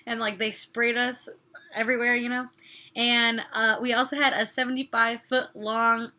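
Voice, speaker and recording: Bubbly young woman, bright voice. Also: on the high side, little pitch movement, moderate pace. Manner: bubbly and giggly, drops to whispered asides. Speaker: summer youth missionary. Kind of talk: casual chat.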